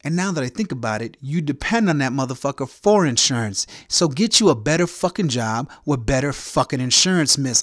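Profane, animated ranting man. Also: mid-range voice, brisk, hardly any pauses, no room sound, studio quality. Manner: angry, crude, heckling rant.

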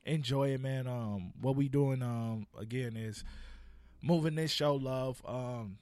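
A young man from Los Angeles with a relaxed LA accent talks in an easygoing, slangy way as a podcast guest. His voice sits at an ordinary middle pitch. He draws his phrases out at an unhurried pace. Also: no echo. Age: young adult. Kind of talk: casual chat.

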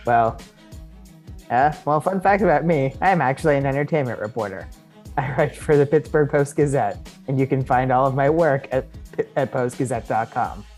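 A man's voice: medium pitch, normal speed, a little mellow, soft background music. A man who works as an entertainment reporter, a guest on a podcast, chatting casually and cheerfully plugging his work.

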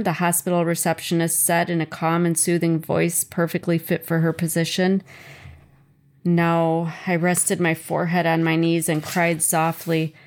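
A woman reads a chapter of her own memoir aloud. Her voice sits a little low, and her delivery is measured and earnest, a personal first-person reading. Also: monotone.

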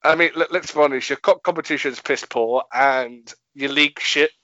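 A man's voice: medium pitch, moderate pace, sharp tone, dry recording, lo-fi sound. A man hosting a casual football podcast, blunt and swearing, laughing often. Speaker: podcast host.

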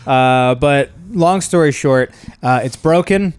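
A man's voice: mid-range voice, takes it slowly, clean tone, dry recording. A man co-hosting a casual podcast, rambling and self-deprecating and laughing often. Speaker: podcast co-host. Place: home studio in New York. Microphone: portable recorder.

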